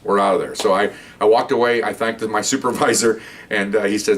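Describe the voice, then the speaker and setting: Brief: older man, retired cop, low voice, rambling halting storyteller, mic set back a little. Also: steady tone, fairly bright tone, distant mic, a little hiss or hum. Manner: rambling, halting, with many restarts and fillers. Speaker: retired police officer telling stories. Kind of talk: casual storytelling to camera.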